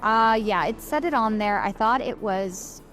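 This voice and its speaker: A woman's voice: medium pitch, unhurried, fairly bright tone, faint music behind. A woman co-streaming a game on a desk microphone, chatting casually and practically steering the puzzle-solving. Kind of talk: casual chat.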